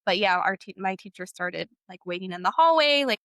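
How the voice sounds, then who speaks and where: A woman's voice: mid-range voice, lively intonation, fairly quick, a bit bright, no room sound. A young woman from Texas, a guest in an interview, tells her personal story in a casual way. She speaks loosely, with lots of "like", and acts out bits of past dialogue. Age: young adult.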